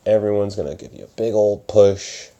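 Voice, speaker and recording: A man's voice: lowish voice, moderate pace, background noise. A young man hosting his podcast alone, talking casually and rambling from topic to topic in his room at night. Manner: rambling, self-distracted, slips into mock voices. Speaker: podcast host and open mic organizer. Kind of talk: casual solo talk. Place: upstairs room in his parents' house at night.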